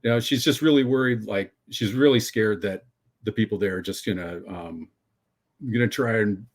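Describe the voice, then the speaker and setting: Male co-host, lowish voice, deadpan comic storyteller. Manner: halting, absurd humor. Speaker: stream co-host.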